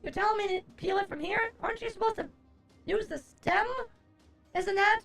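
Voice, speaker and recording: A woman's voice: extremely high pitch, moderate pace, creaky, fairly bright tone, faint music behind. A young adult woman streamer chatting casually on a live stream, rambling, exasperated and profane as she answers her chat.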